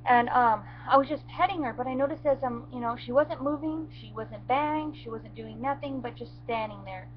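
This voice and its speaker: A woman with a slightly high voice, telling her story in a halting, shaken way with many restarts. The sound is muffled, with a faint hum underneath. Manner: halting, shaken retelling with restarts and near tears. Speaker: goat owner telling what happened. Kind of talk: emotional first-person storytelling.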